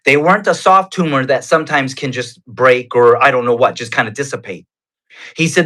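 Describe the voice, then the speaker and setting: A man's voice: fairly high pitch, fairly bright tone. A man giving his personal faith testimony as a guest, telling it in an earnest, conversational way. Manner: earnest, conversational, unhurried retelling.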